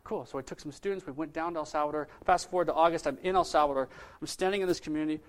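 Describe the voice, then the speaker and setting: A man, a pastor, telling a story in a sermon with lively, casual delivery that swings between loud bursts and hushed moments. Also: a little high, rapid-fire.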